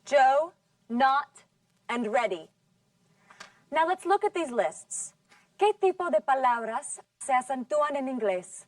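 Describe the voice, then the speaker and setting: Brief: woman teacher, fairly high voice, patient drill delivery, dry sound from off-mic. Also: lively intonation, no echo, distant mic. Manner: patient, drawn-out model words. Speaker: English teacher. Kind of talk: scripted classroom lesson.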